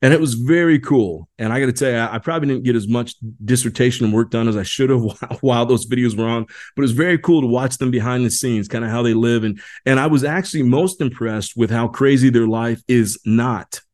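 A man's voice: medium pitch, a little fast, few pauses, a little mellow. A man presenting a leadership session on a group video call, talking informally and then reading an article aloud, often restarting and repeating his words.

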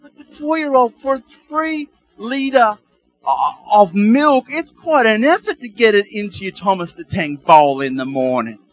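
A middle-aged male pastor preaching a sermon in a lively way, with homely asides and chuckles. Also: high voice, measured pace, low-quality recording.

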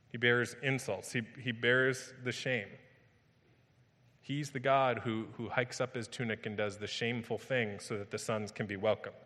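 A pastor delivering a sermon with a bright, forceful tone that carries into a long, ringing hall reverb. He is emphatic, leaning into repeated phrases and a vivid retelling of the story. His voice sits at an ordinary male pitch.

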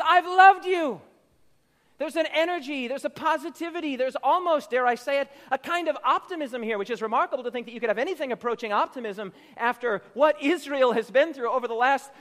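A male pastor with a strikingly high voice delivers a sermon. He stacks up emphatic repeated phrases and draws out quoted lines slowly. The sound rings with a long hall reverb. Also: a bit bright. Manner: preaching with rising emphatic repetition; slow drawn-out quotations.

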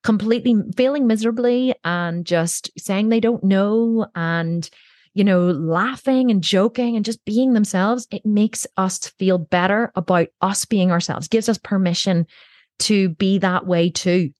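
A woman's voice: medium pitch, a little slow, darkish tone, no room sound. A woman guest on a podcast, talking candidly and telling stories with the odd swear word. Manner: candid storytelling, casual swearing. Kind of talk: conversational podcast interview. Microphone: own podcast microphone.

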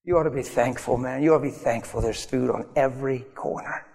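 Animated male preacher in a reverberant hall. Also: mid-range voice, fairly quick, gravelly. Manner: animated, acts out little scenes in different voices. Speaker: pastor. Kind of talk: sermon. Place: church hall.

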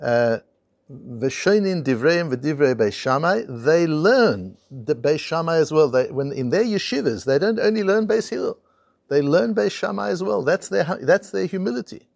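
Animated, gravelly male Talmud teacher. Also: fairly high pitch, moderate pace, dry recording, clean studio sound. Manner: animated storytelling, mixes in Hebrew and Aramaic terms. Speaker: Torah teacher. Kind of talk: Talmud class lecture.

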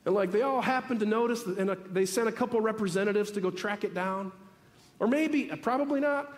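A pastor preaches from the pulpit, his voice pitched high for a man. He speaks animatedly, building to emphatic peaks before easing back into conversational asides, and the audio rings with the long reverb of a large church sanctuary.

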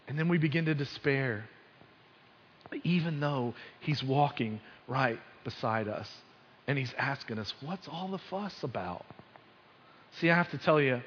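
A man's voice: medium pitch, a little hiss or hum. A male pastor giving a conversational sermon, telling the story with sports asides and frequent restarts. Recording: dull sound with long hall reverb.

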